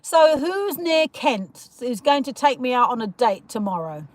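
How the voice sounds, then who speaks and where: A woman's voice: sits high, very animated, a little slow. A woman hosting a casual livestream, rambling through her opinions, laughing often and greeting viewers as she reads their comments. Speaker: livestream host reading chat comments.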